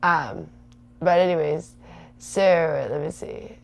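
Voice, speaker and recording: A woman in her thirties hosts a livestream, rambling chattily and answering viewer comments. Her voice is low and slow, with noticeable vocal fry.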